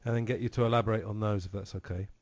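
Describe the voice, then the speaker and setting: Man, English accent, podcast host, lowish voice, dry close sound, attentive questions. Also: fairly even intonation, racing, darkish tone, no echo. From England. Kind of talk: casual interview chat.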